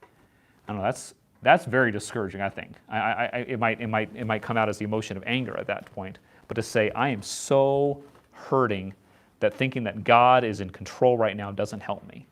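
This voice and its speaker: A man leading an informal Bible study, talking in a halting way and often repeating words as he restarts his sentences. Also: on the low side, fairly even intonation, fairly bright tone. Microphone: set up far from the speakers.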